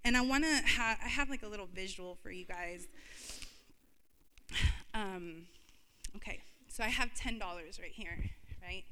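A woman's voice: medium pitch, measured pace, long pauses, sharp tone, a little hiss or hum. A woman in her thirties giving an emotional, confessional personal testimony as a church speaker, laughing through tears. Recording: reverberant hall.

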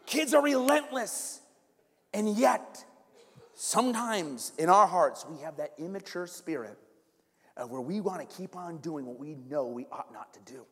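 A pastor with a high voice preaching in a conversational, joking way, often checking in with the room. His voice carries a long reverb from a large church hall. He keeps an easy back-and-forth feel. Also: animated, moderate pace, a bit bright, breathy edge. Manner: humorous, conversational, keeps asking "right?". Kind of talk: sermon.

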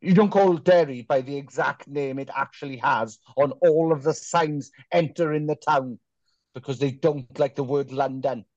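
A man's voice: a little high, normal speed, a little mellow, no room sound, lo-fi sound. A man from Wales, a band singer, telling rambling, sweary anecdotes as a guest in a casual podcast chat. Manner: swears freely, rambling anecdotes with mock quotes.

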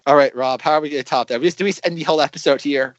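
A man's voice: a little high, racing, dull audio, background noise. A man co-hosting a casual podcast, cracking dry jokes. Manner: dry wisecracks. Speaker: podcast co-host.

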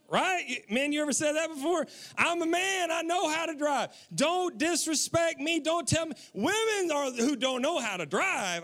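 A man with a notably high voice preaches a sermon, his pitch swinging widely as he tells a story. He acts out his own past lines with lively, animated delivery. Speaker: pastor.

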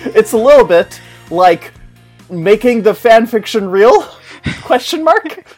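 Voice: mid-range voice, very animated, slow pace, soft background music. A podcast host in casual chat, upbeat and playful, stammering when thinking.

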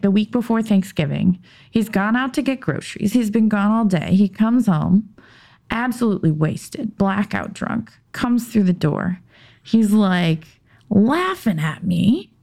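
Telling a personal story as a guest on a podcast, this woman talks in a halting way, pausing and restarting, and slips into a tense whisper when things get heated. She has a mid-range, slightly mellow voice.

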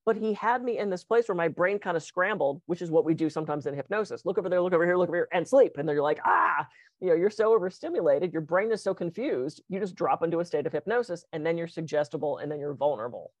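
A woman in casual conversation, a hypnotist and guest who talks fast and animatedly, acting out the voices in her anecdotes. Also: on the low side, darkish tone, no echo. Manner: fast-talking storyteller.

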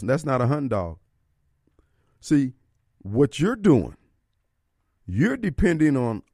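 A man's voice: medium pitch, darkish tone, no room sound, clean studio sound. A man hosting a radio talk show, preaching his opinions and firing off rhetorical questions. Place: radio studio. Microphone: studio microphone.

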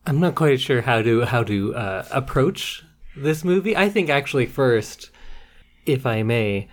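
A man's voice: medium pitch, expressive, measured pace. Wry, teasing male podcast co-host. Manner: wry, teasing, bluntly critical. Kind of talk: casual chat.

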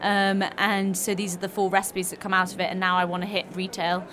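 A woman founder answering interview questions, friendly and a bit halting, at a trade show. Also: medium pitch, little pitch movement, crowd noise. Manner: friendly, halting with fillers, laughs easily. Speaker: guest, small food business founder.

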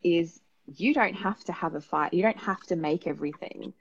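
Woman, Australian accent, low voice, gravelly, parenting advice, dull video call sound. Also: moderate pace. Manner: thoughtful, rambling with many fillers, acts out examples. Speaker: perinatal psychologist guest. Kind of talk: casual advice talk.

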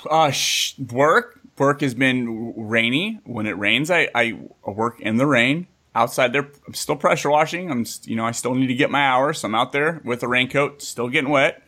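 Podcast guest, man, mid-pitched, jokey, rambling delivery. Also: normal speed, few pauses, pushed and bright. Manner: joking, rambling, swears casually. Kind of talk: casual chat.

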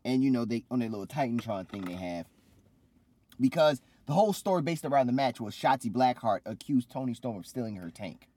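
A man co-hosting a casual podcast, recapping wrestling in a loose, animated way and acting out quotes. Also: medium pitch, a little fast. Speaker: podcast co-host.

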